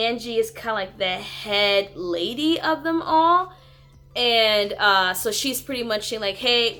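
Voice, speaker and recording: A woman's voice: fairly high pitch, fairly bright tone. Rambling woman reviewing a bad movie. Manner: rambling, frequent "like". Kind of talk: casual chat. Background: music.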